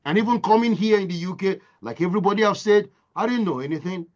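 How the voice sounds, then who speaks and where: A man's voice: high-pitched, quick pace, a little mellow, muffled recording. A man from Nigeria, giving a motivational talk as impassioned storytelling with emphatic repetition. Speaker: motivational speaker.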